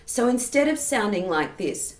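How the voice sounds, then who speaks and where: A woman singing teacher explaining vocal technique patiently and clearly, often checking in with the listener. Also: on the high side, very animated, normal speed. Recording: roomy echo.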